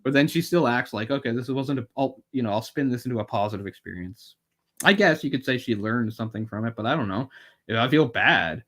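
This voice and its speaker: A man's voice: mid-range voice, slightly rough. Guy on a movie podcast, rambly and wry, drops the odd swear, pretty average voice. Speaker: podcast co-host. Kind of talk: casual film discussion.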